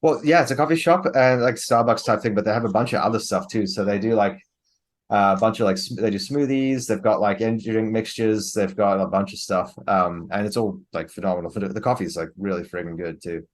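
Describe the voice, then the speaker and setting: A man in casual chat, relaxed and loose, peppering his talk with fillers. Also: lowish voice, a little fast. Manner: relaxed, heavy use of "like" fillers.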